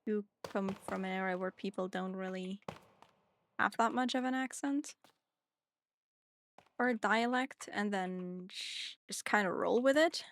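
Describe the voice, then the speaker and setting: Streaming a game, a young native German speaker rambles casually and self-deprecatingly, her English accent tinged with British touches. Her voice is mid-range and unhurried, pausing often, with slight background noise.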